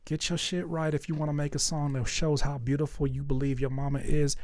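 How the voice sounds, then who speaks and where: A man's voice: fairly high pitch, fairly quick, no echo. A man hosting a live music feedback stream, speaking bluntly and candidly, swearing freely and acting out little scenes. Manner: animated, acts out little scenes. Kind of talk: livestream song review commentary.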